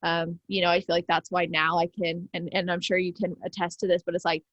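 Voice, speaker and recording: A woman's voice: fairly low pitch, level tone, brisk, fairly bright tone, no room sound, highs cut off. A woman hosting a podcast interview, effusive and affirming, talking casually with lots of fillers. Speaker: podcast host.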